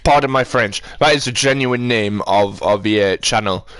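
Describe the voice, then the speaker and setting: A man's voice: lowish voice, moderate pace, fairly bright tone, clean tone, no room sound. A man chatting on a live stream, rambling and ranting as he answers his chat.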